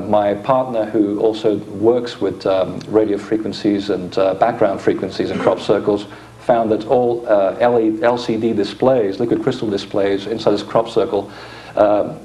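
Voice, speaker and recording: A man's voice: lowish voice, steady tone, normal speed, warm tone. A man giving an informal conference lecture with slides, explaining with dry asides into a microphone in a lecture hall.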